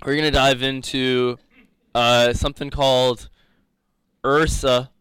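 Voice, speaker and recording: A man's voice: mid-range voice, level tone, slow, a bit bright, clear, resonant tone, no room sound. A young man teaching a live coding lecture, rambling and joking, laughing often. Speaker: coding instructor.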